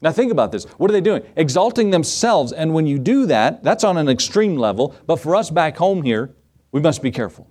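A man's voice: fairly high pitch, animated, brisk, darkish tone. A man preaching a sermon as pastor, earnest and direct, rising to emphatic peaks and acting out the prayers of the faithful.

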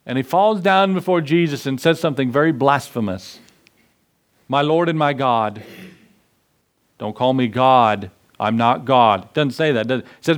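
A pastor with a medium-pitched voice preaches in church at a slightly slow pace. He speaks passionately, firing rhetorical questions at the congregation.

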